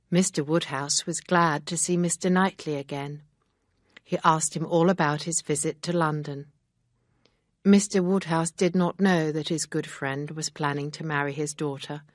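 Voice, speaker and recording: A woman with a low voice reads a simplified classic story aloud. She speaks clearly and without hurry, so that learners can follow every word. The tone stays plain and even throughout the narration. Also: dry recording, studio quality. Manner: clear, simple, unhurried reading. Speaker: audiobook narrator.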